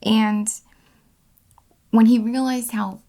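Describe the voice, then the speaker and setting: Gravelly-voiced woman reading tarot. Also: on the high side, level tone, slow pace, dark tone. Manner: rambling, with many fillers and self-corrections. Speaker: tarot card reader.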